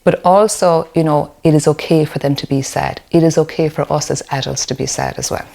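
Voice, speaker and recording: A woman's voice: deep voice, fairly even intonation, a little fast, creaky, mellow. An Irish woman, a play therapist, explaining parenting in a webinar, often checking in with "okay?". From Ireland.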